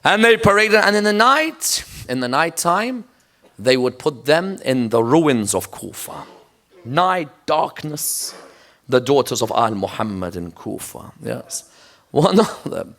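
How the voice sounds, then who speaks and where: A man's voice: on the high side, sing-song, slow pace, creaky, fairly bright tone. A man preaching a sermon in a mosque, telling the story emphatically and checking in with the audience with rhetorical questions. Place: mosque lecture.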